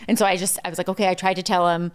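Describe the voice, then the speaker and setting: Young woman guest rambling through a story, lots of likes and ums, smooth lowish voice. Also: little pitch movement, very fast. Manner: chatty, lots of "like" and "um", acts out quotes. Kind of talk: casual storytelling interview.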